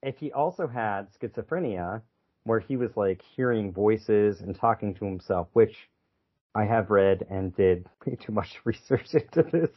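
A man's voice: on the low side, moderate pace, muffled recording. A man co-hosting a podcast, chatting casually in a rambling, joking way and often slipping into goofy put-on voices. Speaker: podcast co-host. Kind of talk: casual chat.

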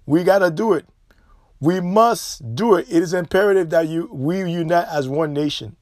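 Man, high voice, dry close sound; podcast host preaching warnings with insistent repetition. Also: normal speed, darkish tone, no echo. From Haiti.

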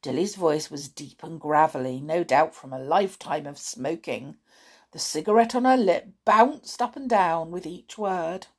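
A woman reading a children's book aloud in an expressive, dramatic way. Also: low voice, a little slow, breathy edge. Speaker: storyteller.

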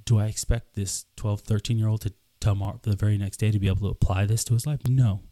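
Gravelly earnest young man storyteller. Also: lowish voice, steady tone, fast, dark tone, no echo. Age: 20s. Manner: earnest, repeats himself, acts out dialogue. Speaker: podcast host. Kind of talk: casual storytelling.

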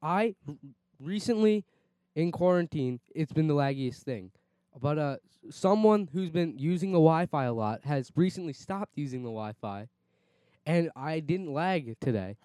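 A man's voice: a little high, expressive, measured pace, mellow, clear, resonant tone, no room sound. A young man co-hosting a podcast, defensive and protesting in casual banter with friends. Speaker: podcast co-host.

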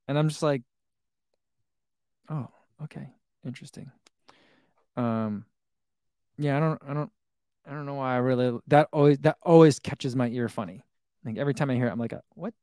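Talking fast in a fairly high yet dark, clean voice, this running shoe vlogger in his thirties reads live chat comments aloud during a casual stream, chuckling as he rambles. The studio recording is clean, with no room sound.

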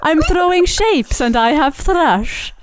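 A woman's voice: fairly high pitch, animated, normal speed, a crowd in the background, natural voice. A woman doing a sing-song riddle creature. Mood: playful.

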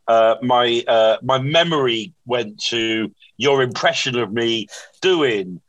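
A man's voice: mid-range voice, animated, slow, fairly bright tone, dry recording, poor audio. Weary Bristolian man hosting a podcast. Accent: Bristolian English. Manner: chatty, self-mocking, with many fillers. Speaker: podcast host. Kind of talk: casual comedy podcast chat. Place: hotel room.

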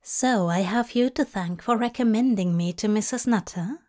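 A woman's voice: medium pitch, normal speed, a little mellow, close to an everyday voice. A woman reading a story aloud and voicing a polite, fussy male audiobook narrator with old-fashioned phrasing. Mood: courteous.

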